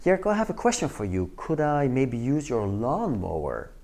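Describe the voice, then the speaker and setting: A man's voice: medium pitch, huge pitch swings, normal speed, a little mellow. A man voicing a friendly, persistent male neighbor who keeps asking to borrow something, in a casual, easygoing way.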